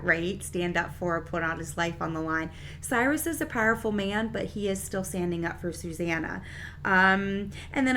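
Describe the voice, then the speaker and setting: A woman's voice: fairly low pitch, pushed and bright, slight background noise. A woman casually recapping and reviewing a TV episode in a chatty, enthusiastic way, with many fillers. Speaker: TV series reviewer.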